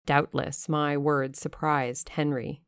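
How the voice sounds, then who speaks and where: A woman narrating a classic novel aloud on a close mic, with expressive, dramatic pacing. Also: deep voice, slow, clean tone, no echo. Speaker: audiobook reader.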